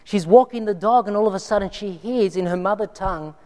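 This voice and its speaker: A man's voice: sits high, fairly quick, darkish tone. A man preaching a sermon and telling personal stories, dramatic, sometimes dropping to near whispers for emphasis. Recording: reverberant hall.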